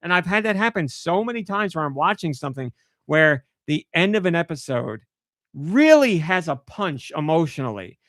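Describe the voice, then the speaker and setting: Podcast host guy, slightly high voice, animated ranting storyteller. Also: normal speed, no room sound, studio quality. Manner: animated storytelling, acts out his own outbursts. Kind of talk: casual podcast chat.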